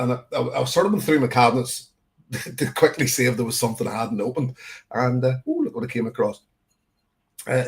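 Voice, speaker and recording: A man hosting a live whisky tasting, chatting in a rambling, self-correcting way and reading out viewer comments. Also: mid-range voice. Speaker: whisky channel host.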